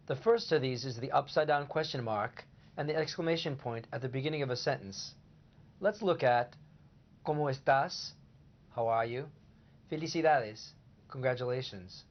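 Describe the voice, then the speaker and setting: A man explains a scripted language lesson in a steady, even voice. His pitch is mid-range for a man. The recording sounds a bit muffled and lo-fi. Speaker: language teacher co-host.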